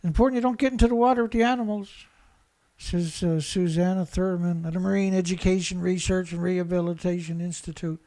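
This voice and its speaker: A man's voice: sits high, steady tone, a little fast, mellow. A man giving a profane, sarcastic rant as he reads and mocks news reports. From Canada. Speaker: environmental commentator. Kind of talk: ranting commentary over news clips.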